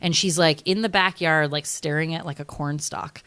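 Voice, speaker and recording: A woman's voice: low-pitched, steady tone, moderate pace, a bit bright, clear, resonant tone. A young woman co-hosting a podcast, rambling through a film discussion with lots of "like" and casual swearing. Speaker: podcast co-host.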